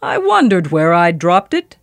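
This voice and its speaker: A woman voicing a huge, mocking male giant in a storybook tale, speaking loudly and slowly. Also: on the low side, huge pitch swings, no echo, heavily acted.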